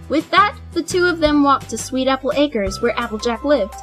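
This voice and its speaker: A woman reading a story aloud with an animated, expressive delivery. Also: high voice, normal speed, loud music behind the voice, rough recording. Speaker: fanfiction reader. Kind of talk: storybook narration.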